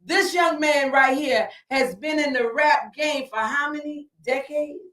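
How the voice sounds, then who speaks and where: Slow emphatic woman, echoey room. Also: high-pitched, a bit bright. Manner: slow, emphatic, preacherly, repeats lines for stress. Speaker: alderwoman and podcast host. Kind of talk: casual podcast interview. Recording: echoey room, far from the mic.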